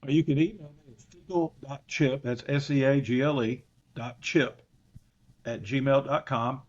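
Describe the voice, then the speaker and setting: A man's voice: mid-range voice, steady tone, normal speed, darkish tone. Southern coach guy, folksy drawl, laughs at himself, kinda dull lo-fi sound. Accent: Southern American. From Southern United States. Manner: folksy and self-deprecating. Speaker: football coach, guest. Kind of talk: casual podcast chat.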